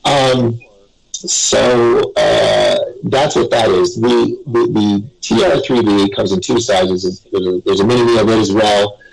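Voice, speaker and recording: A man with a low, gravelly voice tells stories as a guest on a live web radio show. His tone is husky and a little rough, and he rambles from one thought to the next with small chuckles. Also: takes it slowly, low-quality recording.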